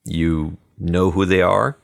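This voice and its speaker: A man voicing a quiet, plump middle-aged hotel detective who speaks softly, calmly and unhurriedly. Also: low voice, vocal fry, heavily acted. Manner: soft, calm and unhurried.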